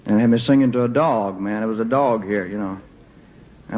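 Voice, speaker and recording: A man's voice: fairly low pitch, fairly quick. A man talking onstage to a concert audience, telling stories in a loose, joking way with lots of fillers and restarts. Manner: laid-back and joking, with many fillers and restarts. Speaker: stage performer addressing a concert audience. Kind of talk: rambling onstage storytelling. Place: concert stage. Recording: muffled old live concert recording.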